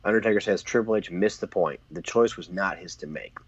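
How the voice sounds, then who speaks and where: A man with a very low voice co-hosts a casual chat show, retelling scenes with animated energy and slipping into quotes. The recording is dull and lo-fi. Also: fairly quick, breathy edge. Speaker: podcast co-host. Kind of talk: casual chat recapping wrestling.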